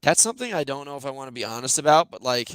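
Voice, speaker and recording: Smooth-voiced man telling stories animatedly. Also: mid-range voice, racing, dry recording. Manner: animated, loose storytelling with many fillers. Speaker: podcast host. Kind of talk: casual chat.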